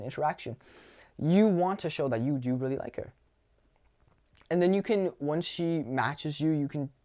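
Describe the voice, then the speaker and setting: An animated young man with a slightly higher voice coaches on dating in a loose, casual monologue. He swears freely and jumps into quick acted-out lines from his own talks with strangers.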